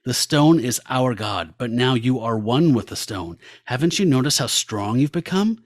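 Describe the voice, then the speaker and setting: A man's voice: mid-range voice, expressive, normal speed, no room sound, lightly acted. A man reading the lines of an earnest male rebel ally in a comic, in close to his own voice. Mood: urgent.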